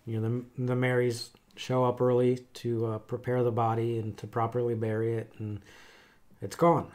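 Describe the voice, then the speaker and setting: A middle-aged man who works as a chaplain, talking in a thoughtful, halting way with many pauses and fillers. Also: mid-range voice, completely flat delivery, darkish tone. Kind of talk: casual conversation.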